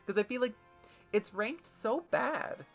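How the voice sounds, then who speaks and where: A woman's voice: fairly high pitch, animated, measured pace, gravelly, soft background music. A woman streaming a game, chatting casually in a rambling, self-deprecating way and swearing now and then. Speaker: let's play streamer. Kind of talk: casual gameplay commentary.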